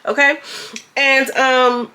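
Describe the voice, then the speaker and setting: A woman giving a casual, slangy recap of a reality show, often jumping into high, mocking voices to quote the cast. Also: flat delivery, takes it slowly, pushed and bright. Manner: chatty, slangy, jumps into high mocking voices when quoting. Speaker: show reviewer.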